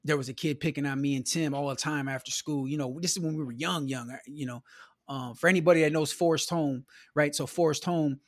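A man's voice: fairly high pitch, steady tone, brisk, no room sound, clean studio sound. A man from the American Midwest, a podcast guest telling stories about growing up in a loose, conversational way. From Milwaukee, US Midwest. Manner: loose and conversational, peppers talk with "you know", "man" and "bro". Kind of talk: casual storytelling conversation.

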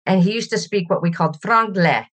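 A woman's voice: mid-range voice, a little fast. A middle-aged woman from Canada, a podcast guest speaking reflectively in a conversational interview. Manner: reflective and warm, laughs while telling stories.

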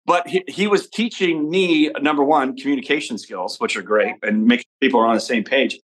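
A man from Nebraska, a podcast guest talking in a relaxed, rambling way about his upbringing and family. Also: medium pitch, fairly quick, low-quality recording. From Nebraska, USA. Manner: easygoing, rambling storyteller. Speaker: podcast guest, father and entrepreneur. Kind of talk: casual interview conversation.

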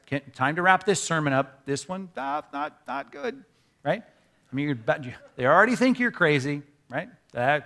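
A pastor preaches in a conversational, animated way, tossing quick asides to the congregation. His voice is fairly high.

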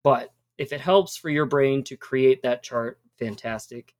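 A woman's voice: extremely low pitch, a little slow, a little mellow. A woman hosting a podcast, teaching Spanish verb endings in a casual, encouraging way and spelling out words.

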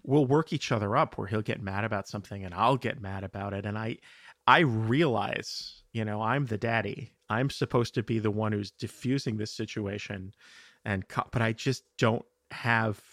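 A tired man hosting a podcast, talking in a rambling, halting, self-deprecating way over a call. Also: fairly low pitch, fairly bright tone, no room sound, studio quality. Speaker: podcast host and producer. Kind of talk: casual conversation over a call.

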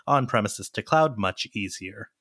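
A man's voice: lowish voice, animated, a little slow, fairly bright tone, no room sound, studio quality. A man co-hosting an interview, asking casual, leading questions. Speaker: co-host. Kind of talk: conversational interview.

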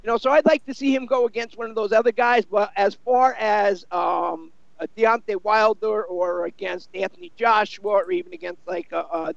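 A man's voice: high voice, creaky, dry recording, dull audio. A man giving casual, rambling boxing analysis, filling his talk with many you-knows. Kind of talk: casual sports discussion.

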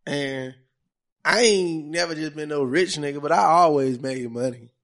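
A man's voice: fairly high pitch, moderate pace, a bit bright. Laid-back storytelling podcast host, a man. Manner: loose, storytelling, heavy slang. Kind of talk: casual podcast chat.

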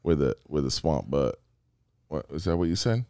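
Loud laughing man with swinging pitch. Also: very animated, normal speed, clean tone, no echo, clean studio sound. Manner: loud, laughing, swings between shouts and low mutters. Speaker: podcast co-host. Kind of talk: crude casual banter.

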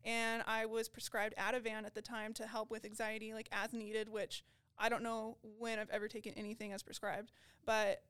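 Smooth-voiced woman telling her story. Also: fairly high pitch, normal speed, dry recording. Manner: lively storytelling, frequent "like", acts out her own past lines. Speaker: podcast guest in recovery. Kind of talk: casual storytelling interview.

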